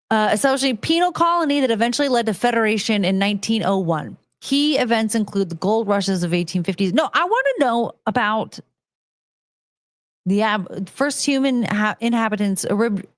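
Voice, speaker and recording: A woman's voice: a little high, lively intonation, moderate pace, dry recording. A woman streamer chatting casually and reading viewer messages aloud, rambling and laughing at herself often. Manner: rambling, giggly, self-mocking. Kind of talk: casual live-stream chat.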